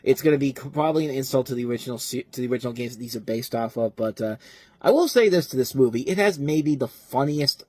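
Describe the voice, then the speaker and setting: A man's voice: mid-range voice, animated, fast, a little mellow, dry recording. Rambling male movie reviewer, dry sound. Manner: rambling, self-correcting, enthusiastic asides. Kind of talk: casual review monologue.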